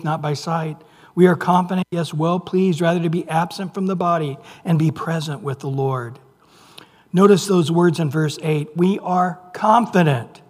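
A man preaching a sermon, dropping to near whispers and rising to loud emphasis, drawing out scripture slowly. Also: on the high side. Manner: reads scripture aloud with slow, drawn-out phrases. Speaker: pastor. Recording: long reverb of a large hall.

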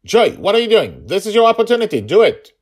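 A man voicing a wounded, desperate father who shouts frantic orders. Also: high voice, big pitch swings, fast, pitched above the performer's own voice. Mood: frantic urging.

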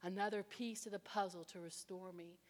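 A woman's voice: mid-range voice, normal speed. Woman preaching in a reverberant hall. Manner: animated storytelling, acts out voices. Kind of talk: sermon with personal testimony. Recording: long reverb of a large hall.

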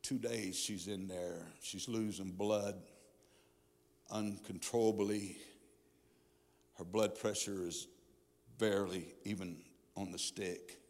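Middle-aged male pastor, low gravelly voice, fervent testimony preaching, live church with long reverb. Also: steady tone, slow pace, long pauses, darkish tone. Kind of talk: sermon. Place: church sanctuary.

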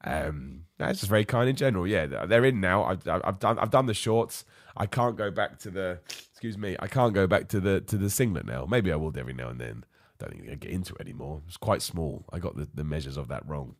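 A man runs a live wrestling podcast while ill, his voice half gone. He rants with strong opinions, his fairly low voice swooping up and down. The sound is dry and close. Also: a little fast, no echo. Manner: opinionated, ranty, lively. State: ill, voice going. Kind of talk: live-streamed podcast rant.

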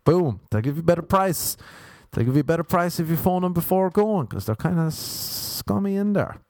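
A man's voice: on the high side, animated, normal speed, darkish tone, dry recording. A young Irish man hosting a podcast, telling rambling, self-mocking stories on his own. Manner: meandering, self-mocking storytelling. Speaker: podcast host. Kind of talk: rambling solo podcast monologue.

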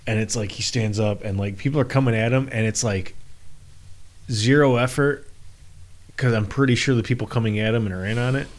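A man with an ordinary mid-range voice chats casually. He jokes and swears freely. His stories come out loose and animated. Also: mid-range voice, a little fast. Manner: profane, joking, laughs through stories. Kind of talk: casual chat.

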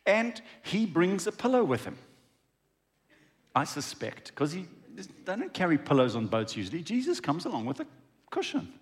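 A man's voice: on the high side, huge pitch swings, a little fast, creaky. A man preaching a conversational sermon in a church, acting out dialogue as he goes. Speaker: pastor.

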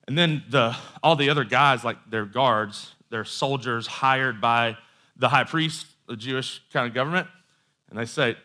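Bright-voiced casual male preacher. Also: medium pitch, measured pace. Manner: conversational storytelling with asides and quoted voices. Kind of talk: sermon.

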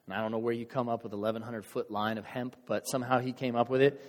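A male pastor giving a sermon in a church, telling a story in a casual, animated way and acting out the crowd's voices. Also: medium pitch, fast talker, long reverb tail.

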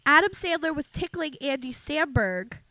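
A woman's voice: high-pitched, animated, bright, forceful tone, no echo. Giggly woman co-host chiming in. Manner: quick agreeing interjections, giggly. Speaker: podcast co-host. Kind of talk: casual movie review chat.

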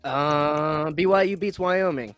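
A man's voice: on the high side, takes it slowly, a bit bright, clean tone, soft background music. Blunt, profane young man hosting. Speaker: podcast host. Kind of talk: casual sports chat.

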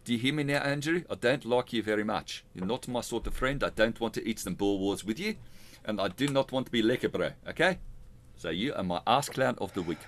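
Bloke doing mock South African guy, blunt and dismissive, lively pitch. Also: brisk. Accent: put-on South African.

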